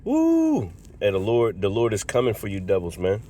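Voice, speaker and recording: A man's voice: lowish voice, steady tone, quick pace, mellow, a little hiss or hum. A man preaching from scripture, reading verses aloud and breaking in with casual, slangy remarks like "all right" and "man.". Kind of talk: street-style scripture sermon.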